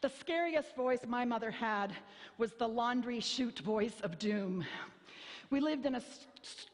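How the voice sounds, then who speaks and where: A woman pastor in her fifties preaching a sermon, telling stories in a wry, self-mocking way and acting out voices. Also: high-pitched. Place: church sanctuary. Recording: long hall reverb.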